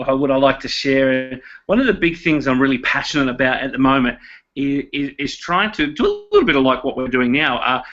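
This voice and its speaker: A man with an Australian accent, a primary school teacher talking casually as a guest over a video call, with many fillers and restarts. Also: medium pitch. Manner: relaxed, many fillers and repeated words. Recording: dull lo-fi video call audio.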